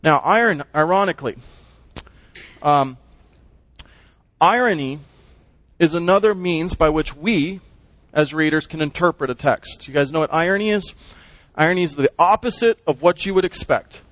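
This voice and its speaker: A man teaching a Bible lesson to a class, animated and asking his listeners questions as he explains the text. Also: fairly high pitch, normal speed, pauses often, dry recording.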